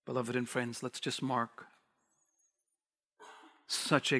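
A man preaching a sermon as a pastor, swinging from hushed near-whispers to raised, urgent lines and repeating words for emphasis. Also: mid-range voice, little pitch movement, takes it slowly, long pauses.

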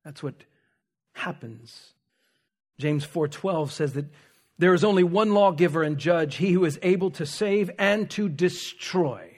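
Male preacher with a slightly high, husky voice; earnest, moves from forceful emphasis to near-hushed delivery. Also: unhurried. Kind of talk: sermon.

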